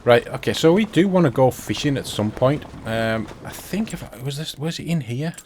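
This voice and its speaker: A man's voice: mid-range voice, expressive, moderate pace, darkish tone, a little hiss or hum. A man giving casual commentary while playing a farming game, chatty and thinking aloud to himself. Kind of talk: casual let's-play commentary.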